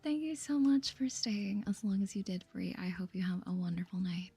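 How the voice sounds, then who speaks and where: A woman's voice: medium pitch, fairly even intonation, moderate pace, warm tone, slightly rough, faint music behind. A woman voicing a sweet elderly woman who dotes on her cats, in a slightly British accent, as a whispered role-play in a game. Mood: fond. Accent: slightly British, put on. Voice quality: fond and chatty.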